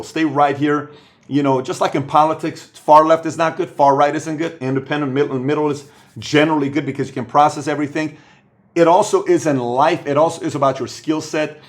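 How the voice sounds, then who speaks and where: A man hosting a motivational business talk, speaking emphatically and repeating phrases for stress. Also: fairly high pitch. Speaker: host giving business advice.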